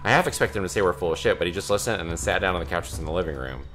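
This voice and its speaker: A man's voice: sits low, lively intonation, very fast, a bit bright, faint music behind. A man casually reading a creepy story aloud to friends during a game, swearing freely and laughing between lines. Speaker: let's play commentator.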